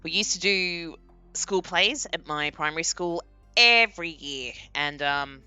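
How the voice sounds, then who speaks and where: A young woman streaming a game and chatting casually, animated and laughing often. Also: on the low side, measured pace, clear, resonant tone, no echo, faint music behind. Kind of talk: casual live-stream chat.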